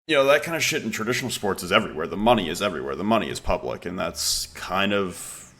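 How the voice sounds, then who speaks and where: A man's voice: low voice, animated, fast talker, bright, forceful tone. A man co-hosting a casual podcast, arguing his opinions with frequent swearing. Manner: opinionated, profane, argumentative. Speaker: podcast co-host.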